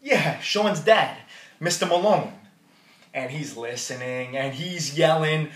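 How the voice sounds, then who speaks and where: In a distant, echoey hall recording, a man with a higher-leaning voice delivers a wedding toast at a slow pace. He tells stories about the groom that are playful and affectionate.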